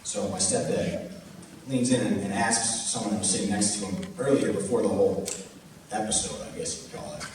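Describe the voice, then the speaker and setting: A man's voice: lowish voice, a little fast, background noise. A young man telling a funny story on stage, laughing and acting out the lines he quotes. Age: young adult. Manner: animated, laughing, acts out quotes loudly. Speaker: student comedian telling a story. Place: stage in a large hall. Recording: far-off echoey hall recording.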